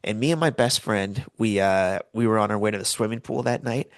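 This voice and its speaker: Animated middle-aged man telling stories. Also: lowish voice, brisk, dry recording. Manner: animated storyteller, acts out voices in quotes. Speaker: podcast co-host. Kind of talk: casual storytelling chat.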